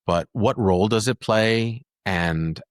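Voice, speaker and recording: A man hosting a parenting podcast, asking measured, thoughtful interview questions. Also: lowish voice, dry recording, studio quality. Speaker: podcast host.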